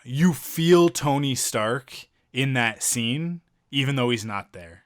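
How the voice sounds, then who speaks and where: A man's voice: mid-range voice, lively intonation, takes it slowly, no echo, studio quality. A man co-hosting a podcast, enthusiastically retelling a film scene in casual chat, often restarting his sentences. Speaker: podcast co-host reviewing a film.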